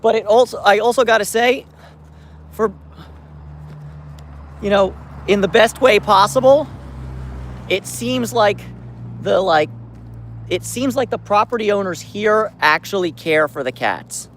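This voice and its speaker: A man's voice: sits high, a little slow, pauses often, a bit bright, slight background noise. A man live-streaming casually while he feeds stray cats outdoors, rambling with restarts and mild swearing into a handheld phone. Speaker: vlogger feeding stray cats. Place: outdoors by his car at night.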